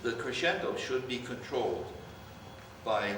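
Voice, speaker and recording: An older man conducting a band rehearsal, coaching players and calling out cues in an animated way. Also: mid-range voice, a little slow. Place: large rehearsal hall. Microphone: distant room mic. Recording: far-off echoey hall, noisy.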